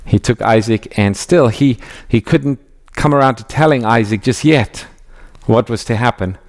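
A man giving an expository Bible teaching in a measured, emphatic way, reading scripture aloud as he goes. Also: medium pitch.

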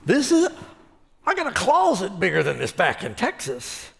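A boastful male Texan rancher bellows his brags, his voice jumping high and loud, as a preacher puts him on. The sound rings with a long reverb of a large hall. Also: wildly swooping pitch, normal speed, gravelly, exaggerated voice. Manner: bragging, loud exclamations.

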